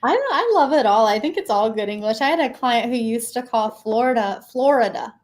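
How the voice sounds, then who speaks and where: Appreciative woman host, fairly high voice. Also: expressive, brisk. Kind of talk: casual chat.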